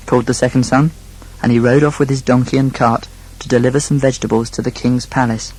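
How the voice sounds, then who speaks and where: Husky man telling a children's story. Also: medium pitch, level tone, fairly quick, rough recording. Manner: gentle, addresses the young listener. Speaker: narrator. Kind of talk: scripted storybook narration.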